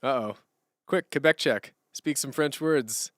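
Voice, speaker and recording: A man's voice: mid-range voice, measured pace, no echo, studio quality. A man chatting casually on a live stream from the floor at home, rambling through chat questions and laughing easily. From Canada. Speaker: streamer and musician. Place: room at home, sitting on a hardwood floor.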